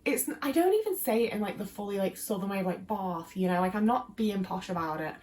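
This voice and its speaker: A woman's voice: medium pitch, expressive, a little fast, a little mellow, a little hiss or hum. A young English woman with a Midlands accent, chatting casually to camera in a rambling way with lots of fillers. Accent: English, Midlands mixed with Liverpool. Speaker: YouTuber.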